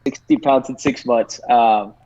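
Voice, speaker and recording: A man's voice: medium pitch, steady tone, unhurried, dark tone, no echo. A man in his thirties from Texas, a podcast guest telling a long story in casual chat and swearing freely as he rambles along. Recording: dry, slightly dull lo-fi sound.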